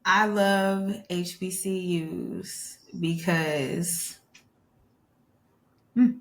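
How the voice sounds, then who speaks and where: A woman author reading from her own book and chatting as a podcast guest, soft-spoken with shy laughs. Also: on the low side, steady tone, extremely slow, pauses often.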